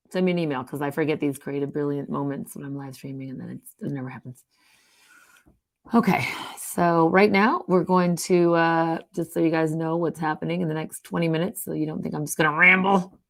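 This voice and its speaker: A woman hosting her own live stream, talking casually in a rambling, jokey way. She laughs often, trails off and restarts her sentences. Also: low-pitched.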